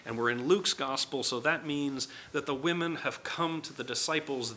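A man's voice: fairly high pitch, pushed and bright. A man preaching a sermon in a conversational way, acting out voices in the stories he tells. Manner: conversational, acts out quoted voices.

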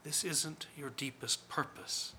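A man doing a calm, gentle young man of faith. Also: a little high, slow pace, slight background noise, exaggerated voice.

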